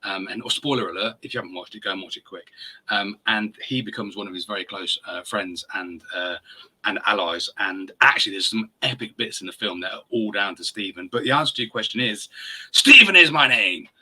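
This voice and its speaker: A man's voice: low voice, steady tone, brisk, sharp tone, slightly rough, poor audio. A man in his forties hosting a podcast, chatting enthusiastically and rambling with fillers. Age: 40s. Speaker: podcast host. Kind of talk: casual chat.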